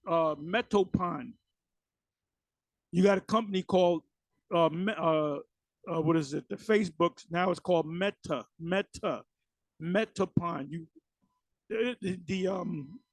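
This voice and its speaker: High, gravelly man ranting in commentary. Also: dry recording, rough recording. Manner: animated, preachy, mocking, full of fillers. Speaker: religious commentator.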